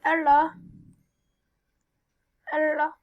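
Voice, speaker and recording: A woman's voice: high-pitched, monotone, extremely slow, lo-fi sound. A young woman hosting a gameplay video, chatting and joking dramatically about what happens in the game. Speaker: gaming video host. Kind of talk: casual gameplay commentary.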